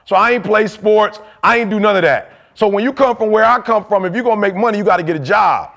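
A man in his forties from Detroit, giving a fiery motivational speech full of street slang and loud shouted bursts. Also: high voice, quick pace, gravelly. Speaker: motivational speaker.

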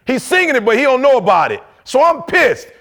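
High gravelly shouting motivational speaker man. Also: big pitch swings, brisk. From Detroit. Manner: loud, shouting bursts, street slang. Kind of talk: fiery motivational speech.

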